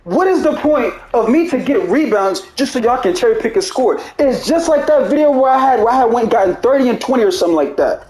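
A man's voice: very high-pitched, animated, quick pace, few pauses, a little mellow, reverberant, slight background noise, rough recording. A man who makes gaming videos, angrily ranting to his viewers in a profane, repetitive way. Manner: angry, profane, repeats himself, ends lines with "bro". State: heated. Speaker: gaming YouTuber. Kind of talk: heated gameplay rant to viewers.

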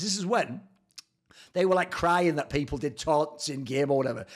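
A man in a sarcastic, profane commentary on old tweets, swinging between loud outbursts and low mutters. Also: moderate pace. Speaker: esports commentator and YouTuber.

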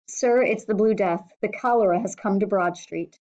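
A woman's voice: mid-range voice, moderate pace, darkish tone, close to an everyday voice. A woman reading the part of a poor young boy who speaks nervously and politely, often stammering. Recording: slightly dull lo-fi recording.

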